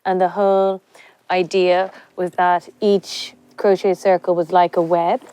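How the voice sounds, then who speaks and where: Chatty Irish woman, slightly low voice. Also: level tone, a little slow, warm tone, faint music behind. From Ireland. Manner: chatty, fills with "like" and "kind of". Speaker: fashion designer. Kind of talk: casual reflective interview.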